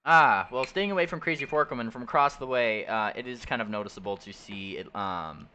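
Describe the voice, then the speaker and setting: A young man narrating as game master, rambling with many halting fillers. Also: medium pitch, bright, forceful tone, clear, resonant tone. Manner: rambling, halting, laughs often.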